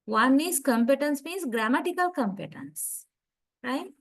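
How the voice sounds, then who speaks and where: Woman lecturer, measured slow delivery, higher voice, frequent "right?" check-ins, video call. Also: sing-song, creaky, poor audio. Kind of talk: online university lecture.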